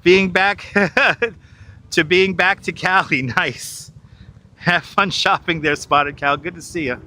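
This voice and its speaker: A man's voice: sits high, slow pace, pushed and bright. Chatty New man guiding a park walk. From New York. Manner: chatty, reads out viewer chat, laughs easily. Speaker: live-streaming tour guide. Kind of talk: casual live-stream walking tour. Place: outdoors in a large city park. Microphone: wireless clip-on mic.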